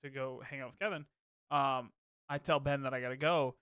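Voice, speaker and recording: A man's voice: mid-range voice, fairly even intonation, brisk, fairly bright tone, clean tone, no echo, studio quality. A man co-hosting a podcast, chatting casually and self-deprecatingly over a video call and laughing easily. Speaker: podcast co-host. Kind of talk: casual chat.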